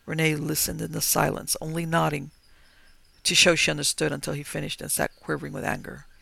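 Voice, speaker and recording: Brief: male horror narrator, gravelly, slow and dramatic, dry close sound. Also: fairly high pitch, expressive, pushed and bright, no echo. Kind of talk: dramatic horror story reading.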